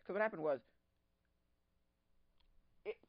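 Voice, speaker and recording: A man hosting a podcast, chatting casually in a rambling, excitable way, laughing often and acting out quotes. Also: high voice, slow, dry recording. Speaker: podcast host. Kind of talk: casual solo chat. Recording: dull lo-fi sound.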